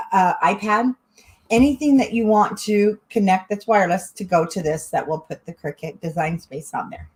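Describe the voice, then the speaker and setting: A middle-aged woman hosting a live crafting stream, chatty, excitable and often breaking into giggles. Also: medium pitch. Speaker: crafting channel host.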